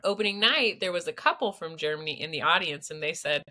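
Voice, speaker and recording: A young woman hosting a podcast, chatting in an expressive, storytelling way. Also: low voice, quick pace. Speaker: podcast host. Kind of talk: casual chat.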